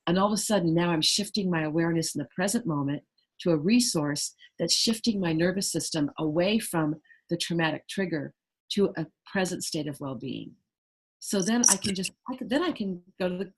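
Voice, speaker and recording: A woman's voice: lowish voice, fairly quick, breathy edge, rough recording. A middle-aged woman, a trauma resilience trainer, explaining earnestly in an interview and acting out little quoted voices. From United States.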